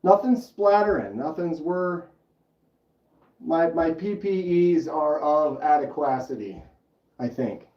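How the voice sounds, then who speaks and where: A man's voice: fairly high pitch, expressive, slow pace, reverberant, recorded from a distance, lo-fi sound. A man hosting a casual livestream at home, chattily explaining each step and answering the chat aloud. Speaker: livestream host.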